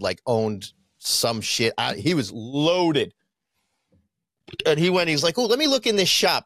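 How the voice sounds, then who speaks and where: A man with a New Jersey accent telling profane, animated stories as a podcast co-host. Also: mid-range voice, no room sound, studio quality. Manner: profane storytelling, animated put-on quotes. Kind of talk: casual chat.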